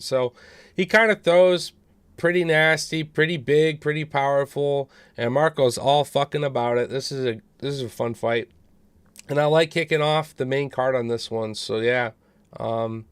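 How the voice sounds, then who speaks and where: A laid-back man hosting a podcast, swearing casually as he talks through his picks. His voice is smooth and resonant, recorded dry and close. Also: mid-range voice, dry recording. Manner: laid-back, profane, betting talk. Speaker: podcast host. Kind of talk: casual podcast banter and fight predictions.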